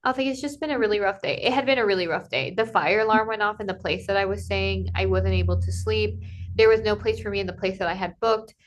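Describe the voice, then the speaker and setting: A woman in casual conversation, telling a personal travel story in a lively way, acting out what people said to her and filling her talk with "like". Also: mid-range voice, fast talker, a little hiss or hum. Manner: animated, acts out quoted dialogue, many "like" fillers. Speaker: podcast guest, Camino pilgrim.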